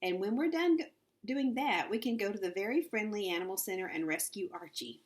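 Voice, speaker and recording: A woman voicing an excitable, anxious young girl in a read-aloud storybook, breathless and pleading. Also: medium pitch, a little fast, lightly acted. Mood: eager.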